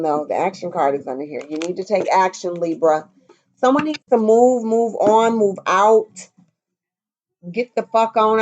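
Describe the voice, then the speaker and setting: A woman's voice: mid-range voice, darkish tone. Lady doing a tarot reading, cusses a lot, super casual and chatty, kinda muffled sound. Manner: blunt, profane, chatty, sings snatches. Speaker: tarot reader.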